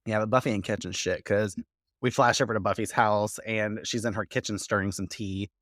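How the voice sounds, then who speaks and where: A man hosting a podcast who recaps a TV episode in a casual, profane and animated way, full of quoted asides. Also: on the low side, brisk, dry recording, clean studio sound. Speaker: podcast host.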